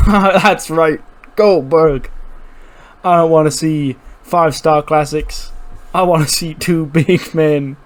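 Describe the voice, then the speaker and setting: A man voicing a brash, boastful male pro wrestler champion with a loud hype-promo delivery. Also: on the high side, slow.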